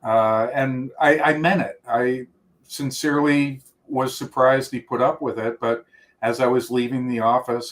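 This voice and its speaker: A man's voice: medium pitch, fairly even intonation, unhurried, a bit bright. A middle-aged man, a guest on an interview, reminiscing at length with many restarts. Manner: rambling storyteller with many restarts and quoted voices.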